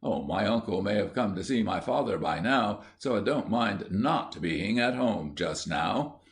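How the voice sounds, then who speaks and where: A man's voice: lowish voice, expressive, a little slow. A man voicing an eager, indignant young schoolboy in an audiobook.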